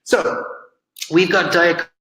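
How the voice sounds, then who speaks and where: A man's voice: high-pitched, flat delivery, slow, bright, forceful tone, echoey room, rough recording. A man leading a coaching session on presenting, explaining in a loose conversational way with frequent ums and uhs. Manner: conversational, filler-heavy, explaining with examples. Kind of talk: online coaching seminar.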